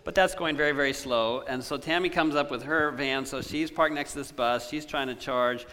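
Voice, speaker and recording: A man's voice: medium pitch, normal speed, bright, forceful tone. A man hosting an interview, recapping the story and prompting his guest with casual fillers. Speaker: host. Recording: long hall reverb.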